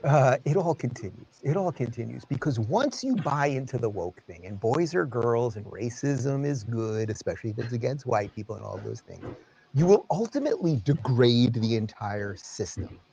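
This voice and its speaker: A man hosting an opinion commentary show, speaking in a sarcastic, animated way. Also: medium pitch, moderate pace, vocal fry, muffled recording, slight background noise.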